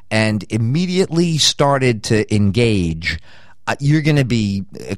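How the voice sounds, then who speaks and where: Older guy radio host rambling and joking, low voice, swoops up and down a lot, dry studio sound. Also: no echo. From United States. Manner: rambling, jokey, riffs on lists. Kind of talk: rambling promo read.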